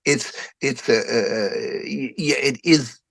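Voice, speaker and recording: A man, a podcast guest telling stories in an animated, profane way. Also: mid-range voice, slow pace, gravelly. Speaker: guest musician. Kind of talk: casual podcast conversation.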